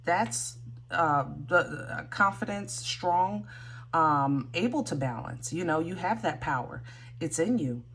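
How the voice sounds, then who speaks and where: A woman's voice: on the low side, animated, slow, a bit bright. A woman giving a casual tarot reading, thinking aloud with many fillers and restarts. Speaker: tarot reader.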